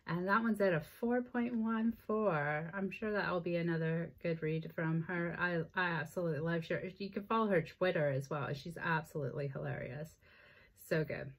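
A woman's voice: lowish voice, normal speed. A woman, chatting enthusiastically to camera about books, with plenty of ums and restarts. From American South. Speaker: book vlogger. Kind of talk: casual chat to camera.

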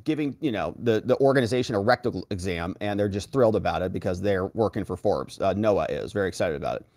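A man's voice: low-pitched, fast talker, no room sound, studio quality. A man hosting legal commentary, retelling court testimony in a casual, sarcastic way and acting out the quotes. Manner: animated, sarcastic, acts out quotes in voices.

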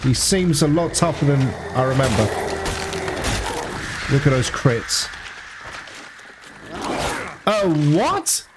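A fairly high-voiced man gives live commentary on his gameplay, often breaking into excitable, panicked exclamations. His voice sits over a clear layer of noise and game ambience. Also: slow pace, long pauses. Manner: excitable, panicky outbursts and laughter mid-fight. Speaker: let's play gamer.

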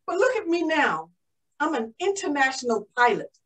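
A woman's voice: sits high, sing-song, moderate pace, a bit bright, far from the mic, poor audio. A woman playing a proud, emotional young woman aviator in a first-person living-history monologue. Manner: exclaiming, breathless with joy. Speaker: historical portrayal performer.

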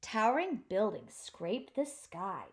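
A woman childcare teacher reading a picture book aloud to young children in an animated, sing-song way. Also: mid-range voice, slow.

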